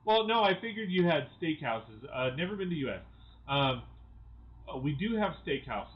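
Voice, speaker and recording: A man's voice: fairly high pitch, big pitch swings, moderate pace, slightly rough, lo-fi sound. A man from the United States hosting a casual live-stream chat, rambling and restarting his sentences often. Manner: rambling, full of restarts and fillers. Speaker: channel host.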